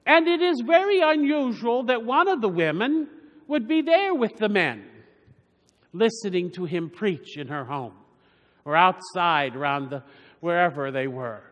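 High-voiced preacher in a reverberant church. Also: male voice, sing-song, unhurried, fairly bright tone. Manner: rambling, with frequent restarts and asides. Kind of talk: homily.

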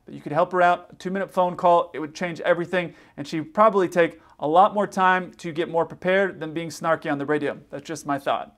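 A man hosting an aviation video, giving casual, plain-spoken advice and commentary. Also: sits high. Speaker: pilot and aviation YouTuber. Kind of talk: commentary on radio clips.

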